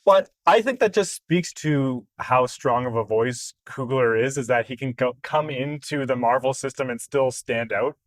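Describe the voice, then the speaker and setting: A man's voice: mid-range voice, normal speed, hardly any pauses, no echo. A man co-hosting a casual movie podcast, telling long stories with lots of restarts and fillers. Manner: chatty, restarts and fillers, tells stories at length. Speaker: podcast co-host.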